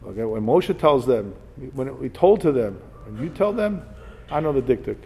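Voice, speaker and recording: A man's voice: medium pitch, very animated, moderate pace, vocal fry, mellow. Man teaching Torah sources in a hall. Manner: reads Hebrew sources then explains in English; chatty asides and personal anecdotes. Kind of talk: informal Torah class.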